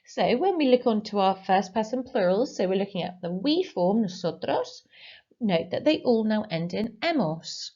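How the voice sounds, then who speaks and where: A woman teaching a recorded Spanish lesson, giving clear explanations and slowly modelling phrases for pupils to repeat. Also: mid-range voice, expressive, mellow, lo-fi sound. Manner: slow, clearly modelled pronunciation for repetition. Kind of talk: recorded online language lesson.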